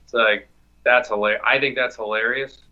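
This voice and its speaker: A man co-hosting a sports podcast, talking in an animated, rambling way with frequent restarts. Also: mid-range voice, normal speed, highs cut off. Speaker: podcast co-host. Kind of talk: casual sports chat.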